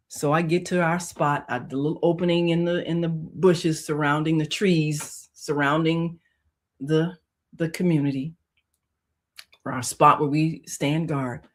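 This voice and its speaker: Brief: female radio host, deep voice, heartfelt spiritual storytelling, shifts from hushed to loud. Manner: emotional, swings from hushed to loud; conversational, many "you know" fillers. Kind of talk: personal storytelling on spiritual topics.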